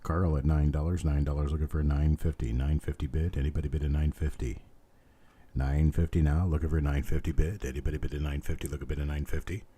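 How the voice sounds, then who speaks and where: With an extremely low-pitched voice gone hoarse, this man calls bids at a live coin auction in a quick, steady chant. He breaks it up with chatty asides.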